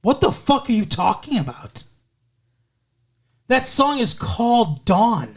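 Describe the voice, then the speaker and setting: A man's voice: very high voice, very animated, slow, breathy edge. A middle-aged man co-hosting a podcast, chatting casually and rambling with jokes. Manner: rambling, jokey, breaks into singing. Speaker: podcast co-host. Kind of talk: casual chat.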